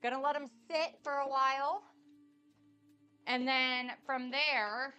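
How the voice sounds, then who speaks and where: Woman, bubbly live-stream cook, slight lisp, chatty and excitable, higher voice. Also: slow, clean tone, dull audio, faint music behind. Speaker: cooking streamer. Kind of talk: casual live-stream chat.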